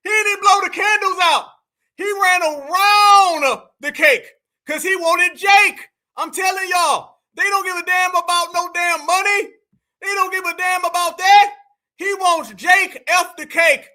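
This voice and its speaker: A man hosting a live reaction show, talking in a loud, mocking, animated way and often shouting. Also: very high voice, unhurried. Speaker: online show host.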